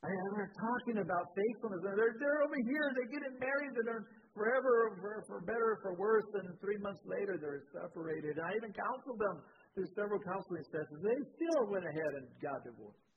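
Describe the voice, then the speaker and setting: Pastor preaching over a tinny line. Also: male voice, brisk. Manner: animated storytelling with sudden rises in pitch and volume. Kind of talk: sermon with personal storytelling. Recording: tinny phone-like sound with faint noise.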